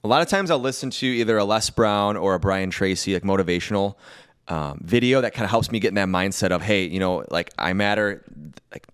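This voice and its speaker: A young man with a low voice talks in a relaxed, casual way and co-hosts a podcast conversation. He walks through examples and uses plenty of fillers. The sound is dry and close, with no room around it. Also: fast, smooth, dry recording. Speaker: podcast co-host.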